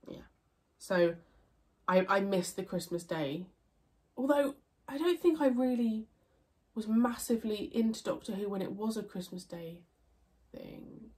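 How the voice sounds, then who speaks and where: A woman's voice: mid-range voice, unhurried, warm tone. Chatty congested young woman. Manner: chatty, rambling, with fillers and self-corrections. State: congested, nasal. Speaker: YouTuber answering viewer questions. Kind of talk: casual Q&A chat.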